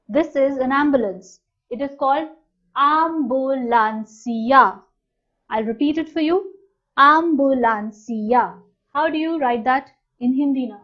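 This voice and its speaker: A woman teaching a language lesson, saying each new word slowly and clearly and then repeating it. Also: high voice. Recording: dull, slightly lo-fi sound.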